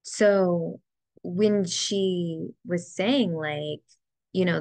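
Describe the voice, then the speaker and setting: Slow, gravelly-voiced young woman vlogging. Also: on the low side, dry recording. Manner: slow, soft and heartfelt, close to tears. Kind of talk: reflective personal vlog. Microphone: ring light setup, camera close to face.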